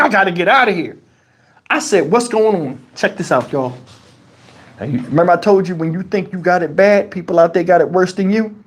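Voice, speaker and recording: A man hosts a livestream and tells a story in an animated, profane and colloquial way. His voice is husky, and his pitch rises and falls a lot. He is recorded on a clip-on lapel mic. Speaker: channel host. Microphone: wireless lapel mic.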